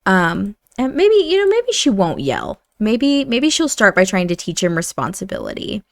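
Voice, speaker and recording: A woman narrates her life-sim game in a relaxed, rambling way, full of fillers. Her voice sits at a middle pitch and is captured close to the mic in a dry, dead room. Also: moderate pace, creaky, no echo. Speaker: gaming channel host. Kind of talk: casual let's-play narration.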